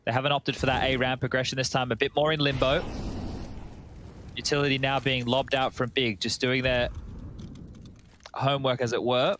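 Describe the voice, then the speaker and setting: An Australian man giving relaxed, analytical colour commentary on an esports match. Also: medium pitch, moderate pace, pauses often, slight background noise.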